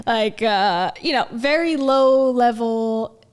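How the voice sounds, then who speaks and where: A chatty woman with a slightly high voice hosts a casual commentary stream. She rambles through her points, filling the gaps with "like" and "uh" and laughing as she goes. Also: very slow, smooth. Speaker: commentary host.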